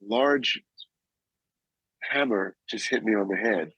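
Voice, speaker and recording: Male guest, 60s, slow halting storyteller, husky and dry-sounding. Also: on the low side, a bit bright, dry recording, lo-fi sound. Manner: slow, halting, with pauses and restarts. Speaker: guest, actor and author. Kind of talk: emotional personal storytelling.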